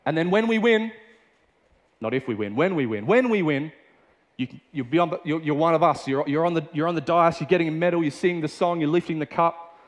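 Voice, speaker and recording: A man's voice: on the high side, a little fast. Chatty Australian man preaching in a reverberant hall. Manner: casual and chatty, with many fillers and restarts. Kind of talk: sermon.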